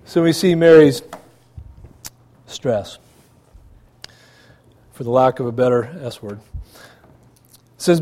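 A man's voice: on the high side, a little mellow. Man preaching a conversational sermon. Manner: conversational preaching with rhetorical questions and asides. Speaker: pastor.

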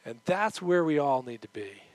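Middle-aged man, sermon delivery, animated storyteller, higher-pitched, dry booth-like sound. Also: normal speed, no room sound, rough recording. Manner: animated, acts out quoted voices; moves around while preaching. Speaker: pastor.

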